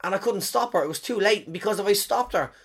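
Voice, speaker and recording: A man's voice: sits high, expressive, quick pace, a bit bright, slightly rough. A man in his thirties, a comedian with a head cold, telling a rambling comic monologue with lots of swearing and lost threads.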